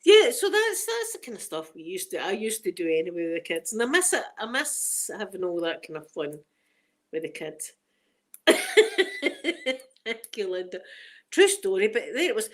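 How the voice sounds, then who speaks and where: A woman's voice: mid-range voice, huge pitch swings, moderate pace, long pauses. A middle-aged Scottish woman chatting on a casual livestream, laughing often and greeting viewers by name. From Scotland. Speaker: ASMR livestream host. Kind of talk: casual live chat.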